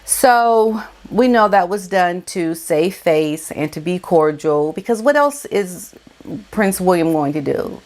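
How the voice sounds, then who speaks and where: A woman's voice: on the low side, lively intonation, slow pace, darkish tone. Woman vlogger, gossip commentary, emphatic, colloquial, repeats for emphasis. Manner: emphatic and colloquial, repeats key words for effect. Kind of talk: casual celebrity gossip commentary.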